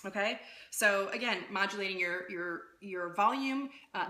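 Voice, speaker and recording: A woman coaching public speaking in a casual live-streamed talk, lively and conversational, often checking in with "right?". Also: mid-range voice, normal speed, echoey room. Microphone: phone.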